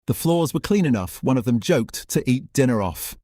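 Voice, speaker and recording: A man giving measured, scripted documentary narration. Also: mid-range voice, no echo, studio quality. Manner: measured, even storytelling.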